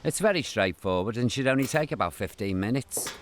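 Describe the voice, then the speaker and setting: A man's voice: medium pitch, animated, a little fast, a little hiss or hum. An older man presenting and narrating, joking and cooing at dogs in a camp manner. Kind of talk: documentary narration and chat.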